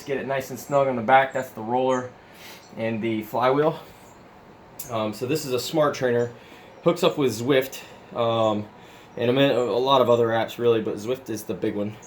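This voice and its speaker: A man's voice: medium pitch, a little hiss or hum. A man, out of breath, casually showing his home cycling trainer setup in a rambling, easygoing way with lots of ums. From Florida, US. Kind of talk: casual product demo. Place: home room with carpet, overhead fan. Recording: echoey room, voice from off-mic.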